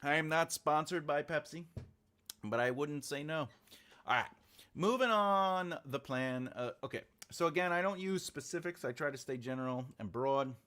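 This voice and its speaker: A man with a slightly high, bright and forceful voice speaks at a moderate pace during a livestreamed writing session. As he types out his book outline, he thinks aloud, mutters and chats casually with viewers.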